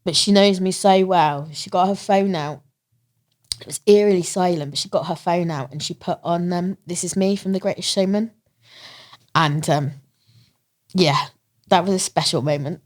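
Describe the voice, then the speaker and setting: A lower-voiced woman from England tells her story as a podcast guest. She speaks with lively feeling and laughs often. She acts out the voices of the people in her story. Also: normal speed, pauses often. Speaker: interview guest, marathon runner. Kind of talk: emotional storytelling in a podcast interview.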